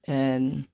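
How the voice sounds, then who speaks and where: A woman's voice: very deep voice, creaky, clear, resonant tone. A young woman as an interview guest, telling her life story candidly and bluntly, with frequent swearing and fillers. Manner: blunt, profane, many fillers.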